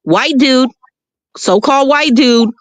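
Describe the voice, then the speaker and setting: A man's voice: extremely high pitch, slow pace, dry recording. Blunt, profane Southern man. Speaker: podcast panelist. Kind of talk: heated casual debate.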